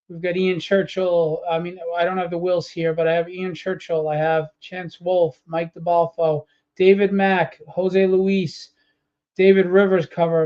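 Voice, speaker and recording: A man's voice: sits high, a little mellow, highs cut off. A tired man presenting his comic book campaign live, rambling with many fillers and openly annoyed at what has gone wrong. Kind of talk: casual live-stream walkthrough.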